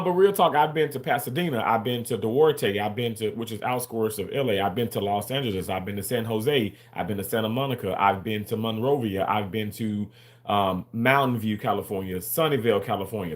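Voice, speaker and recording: On his casual livestream, a man speaks fairly quickly at a medium pitch. He rambles and repeats himself while responding to and arguing with people in the chat.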